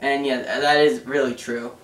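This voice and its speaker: A young man chatting casually in a vlog, answering fan questions in a rambling, excitable way with lots of fillers. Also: medium pitch, normal speed, recorded from a distance. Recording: roomy sound, away from the mic.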